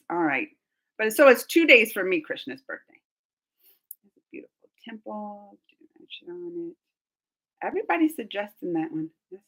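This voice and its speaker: Bright, lively woman chatting on a live stream. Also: on the high side. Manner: chatty, giggly, reads viewer comments aloud. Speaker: reaction channel host. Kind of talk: casual live-stream chat.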